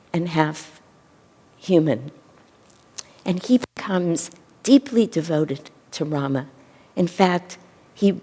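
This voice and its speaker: A woman minister preaches a sermon, gently telling a sacred story at a very slow, unhurried pace. Her tone is dark and mellow, with a slightly low pitch. A long reverb fills the temple around her.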